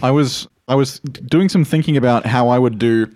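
A man's voice: mid-range voice, normal speed, darkish tone. A young man co-hosting a podcast in casual chat, rambling, with frequent restarts and asides. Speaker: podcast co-host.

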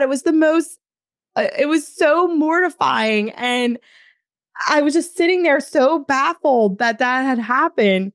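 A woman in her thirties, a podcast host, telling a story casually in an animated way, swearing and quoting her own thoughts. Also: high voice, a little slow, no room sound, clean studio sound. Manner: animated, swears, talks to herself in quotes.

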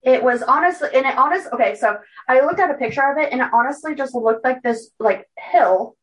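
A fairly high-pitched woman talks a story through in a loose, chatty way, stumbling and correcting herself as she reads from notes. She sits slightly back from the microphone. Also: animated, brisk, far from the mic, rough recording. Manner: chatty, loose, with many fillers and self-corrections. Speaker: podcast co-host telling a true-crime story.

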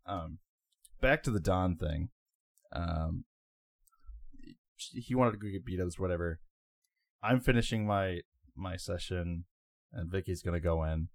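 A man's voice: deep voice, a little slow, creaky, long pauses, no echo, studio quality. A man co-hosting a podcast, telling a long story in a rambling, laid-back way with lots of fillers. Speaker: podcast co-host. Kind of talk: casual storytelling chat.

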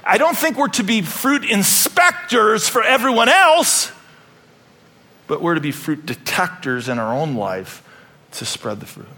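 A man's voice: high-pitched, very animated, a little slow, bright, forceful tone. A middle-aged man preaching a sermon as pastor, with joking, rambling asides and playful self-deprecation.

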